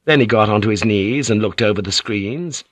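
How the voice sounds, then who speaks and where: A man's voice: moderate pace, dry recording, clean studio sound. A man narrating an audiobook in a scripted style, shifting his voice slightly for characters. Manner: voices characters with light shifts in pitch and broken English.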